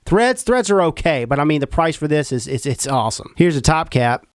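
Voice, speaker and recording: A man's voice: fairly high pitch, big pitch swings, brisk, dry recording, studio quality. A man giving a casual, slangy product review, talking the viewer through a device.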